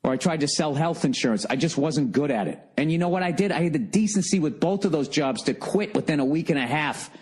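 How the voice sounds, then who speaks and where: A man's voice: on the high side, expressive, fast talker, hardly any pauses, a little mellow, husky. A middle-aged man from the United States, hosting a podcast alone and ranting in an exasperated, profane comic monologue. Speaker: podcast host. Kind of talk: comedic rant monologue. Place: at home, alone.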